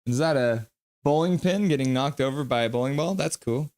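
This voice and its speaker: A man's voice: mid-range voice, brisk, a little mellow. A man hosting a live stream, playfully reading viewer comments aloud and answering them. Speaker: livestream host.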